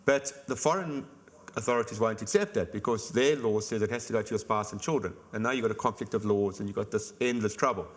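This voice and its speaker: Man, insurance expert guest on a conference panel; rapid, chatty explainer. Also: on the low side. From South Africa. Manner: fast, explanatory, chatty with "you know" fillers.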